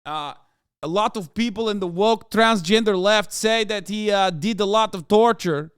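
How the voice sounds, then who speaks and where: A man putting on a smug grandson's voice, pushed up high and loud in a clumsy mock Brazilian accent. He plays a dismissive man who shrugs off his grandfather's past with drawn-out, mocking lines, over a smooth, dry sound. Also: dry recording. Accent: put-on Brazilian. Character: smug male grandson defending a torturer grandfather.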